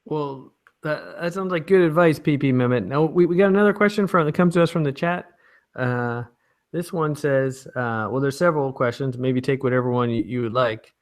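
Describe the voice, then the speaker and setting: A man's voice: mid-range voice, normal speed. A man moderating a mock press conference, rambling through comic tangents with lots of fillers. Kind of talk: comic deadpan lecture and moderating.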